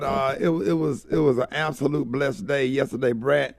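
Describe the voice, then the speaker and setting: Gravelly radio host. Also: male voice, medium pitch, no room sound, faint music behind. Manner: effusive shout-outs, halting with many uhs. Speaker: morning radio show host. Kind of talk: casual morning radio talk.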